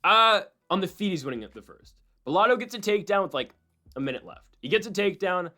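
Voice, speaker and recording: A man casually breaking down MMA fights and predictions, rambling and excitable with frequent asides. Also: high-pitched, fast talker.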